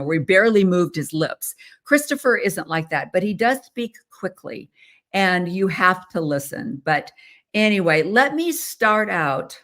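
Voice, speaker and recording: A woman's voice: mid-range voice, animated, moderate pace, a bit bright. An American woman hosting a podcast, talking casually in a chatty, rambling way with many fillers and restarts. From United States. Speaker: podcast host. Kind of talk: casual solo talk.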